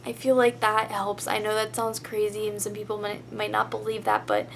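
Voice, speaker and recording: A teenage girl tells a story in a casual vlog, chatty and rambling, with "like" dropped into nearly every sentence. Her voice sits at an ordinary middle pitch and sounds close to tears. A faint hum runs underneath. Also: moderate pace, creaky. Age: teens. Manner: chatty, rambling with many "like" fillers. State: tearful, emotional. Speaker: vlogger.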